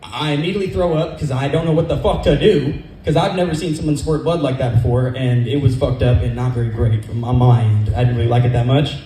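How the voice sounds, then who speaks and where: A man's voice: mid-range voice, mellow, reverberant, slight background noise, rough recording. A man from California doing a rambling, profane stand-up set at a comedy club open mic, speaking into a stage microphone. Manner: rapid, profane, rambling storytelling.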